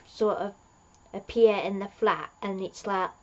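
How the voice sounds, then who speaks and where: A woman recaps an episode at an unhurried pace, rambling from one thing to the next with many fillers and restarts. Her voice sits in a middle range. The recording sounds muffled and lo-fi. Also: medium pitch, a little mellow. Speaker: fan reviewer.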